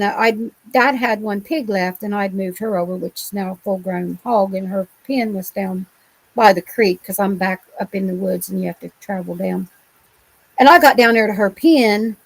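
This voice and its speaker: A woman's voice: medium pitch, rough recording. A middle-aged woman from Ohio, a guest on an interview show, telling her own encounters in a rambling, colloquial way with many restarts. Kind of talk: telling personal encounter stories.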